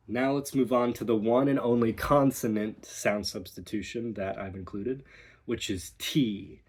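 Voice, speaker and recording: A man teaches like a dialect coach, taking his time over each point. His low voice has a husky edge, and he repeats sample words over and over to demonstrate. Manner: unhurried and explanatory, demonstrating sounds by repeating words. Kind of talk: recorded instructional walkthrough.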